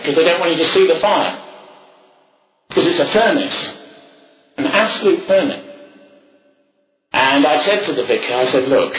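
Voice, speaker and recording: High, bright-voiced man. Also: reverberant, poor audio. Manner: emphatic, rambling, anecdotal, chuckling asides. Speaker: speaker. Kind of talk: ideological monologue.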